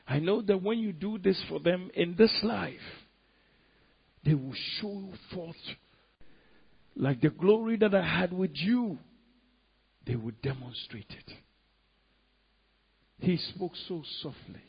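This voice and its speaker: A man preaching a sermon, moving between hushed pleading and loud, emphatic bursts. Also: sits high, lively intonation, slow pace, vocal fry, pauses often, husky, dull audio.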